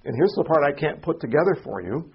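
Man, Sunday school teacher, slightly high voice, gravelly, chatty and halting, classroom recording. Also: very animated, highs cut off, slight background noise. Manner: halting, repeats words, asks the class questions. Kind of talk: informal Bible class teaching. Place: church classroom.

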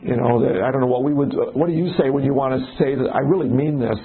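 A man's voice: mid-range voice, fast, husky. A man leading a casual Bible study, talking in a conversational way and putting questions to the group. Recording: tinny phone-like recording.

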